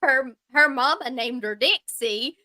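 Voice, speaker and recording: A woman's voice: high voice, unhurried, sharp tone, no echo. A woman from Georgia with a light Southern accent, chatting casually as a guest and telling stories. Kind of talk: casual chat.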